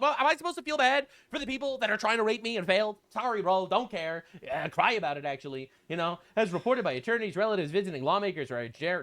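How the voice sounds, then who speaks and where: A man's voice: sits high, bright, forceful tone. A man hosting a political reaction commentary show, talking in a sarcastic, crude, mocking way. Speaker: show host.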